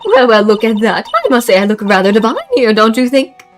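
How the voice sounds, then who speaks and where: A woman's voice: on the high side, sing-song, fairly quick, music in the background. Woman doing a vain, sing-song nun. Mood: preening.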